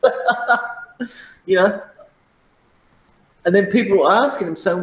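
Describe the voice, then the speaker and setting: A man's voice: high voice, slow pace, pauses often, roomy sound, rough recording. A man telling profane, boastful stories in casual chat, often laughing at his own tales. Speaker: channel host.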